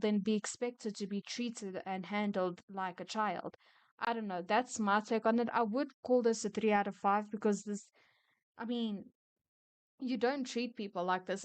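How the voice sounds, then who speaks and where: Woman storyteller, smooth clear tone, dry close sound, chatty and quick to vent. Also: mid-range voice, no echo. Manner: opinionated, chatty, quick to rant. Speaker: storyteller reading retail stories. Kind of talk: casual story reading with commentary.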